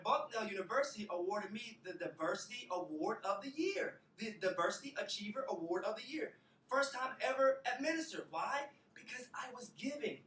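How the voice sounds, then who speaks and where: A man's voice: high voice, fairly bright tone. A young man from Alabama with a Southern accent, giving a motivational talk to university students with a preacher-like cadence and emphatic repetitions. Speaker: motivational speaker. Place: university auditorium. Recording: roomy hall, picked up from a distance.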